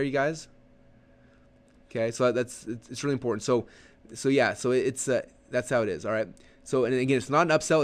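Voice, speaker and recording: A man in his thirties coaching an online audience through a live webinar walkthrough, rambling with frequent restarts and quick acted-out asides. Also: mid-range voice.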